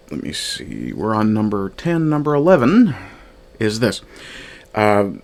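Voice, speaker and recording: A man casually reviewing a fan film from his notes, thinking aloud with frequent fillers and restarts. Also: on the low side. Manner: reads from his own notes. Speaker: media reviewer.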